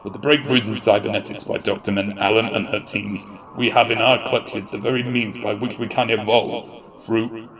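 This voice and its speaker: A man voicing a confident middle-aged supreme leader giving a slow, rallying speech. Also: lowish voice, flat delivery, fairly bright tone, rough recording.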